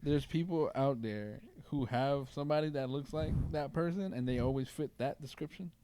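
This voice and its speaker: Relaxed slangy man, faint noise behind. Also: medium pitch, normal speed. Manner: relaxed slangy talk, joking. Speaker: podcast guest. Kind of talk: casual chat.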